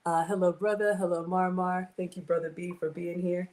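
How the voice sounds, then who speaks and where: Chatty lower-voiced woman hosting a cooking stream. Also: level tone, normal speed. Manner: chatty, warmly greets viewers by name. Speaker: home cooking livestream host. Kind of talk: casual livestream chat.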